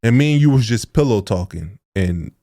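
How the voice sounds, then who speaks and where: A man's voice: fairly low pitch, expressive, moderate pace, mellow. A young adult man co-hosting a podcast, talking casually and earnestly, with informal, preachy speech. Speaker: podcast co-host.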